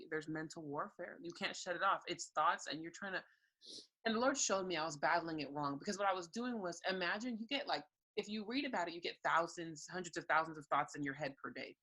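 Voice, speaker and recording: A woman's voice: on the low side, a bit bright, low-quality recording. A young woman, a guest on an interview show, giving a frank and earnest personal testimony and laughing lightly between thoughts. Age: young adult.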